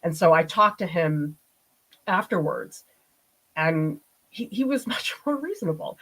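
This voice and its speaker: A woman's voice: sits low, a little slow, poor audio. A middle-aged woman art professor, chatting and telling stories with laughs while painting on a live stream. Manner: chatty, animated storytelling with laughs. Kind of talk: live-stream painting demo answering chat.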